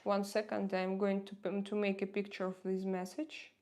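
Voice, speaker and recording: A woman's voice: medium pitch, level tone, moderate pace, darkish tone. Chatty woman with a strong Russian accent. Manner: hesitant, many fillers and restarts, outspoken. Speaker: live-stream host. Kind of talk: casual live-stream chat reading viewer comments.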